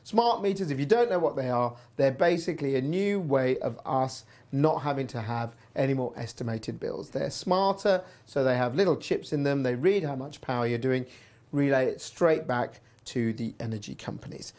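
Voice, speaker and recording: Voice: mid-range voice, lively intonation, moderate pace, a little mellow. A presenter telling a personal story in a chatty, wry way while hosting a news show. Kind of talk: casual news commentary.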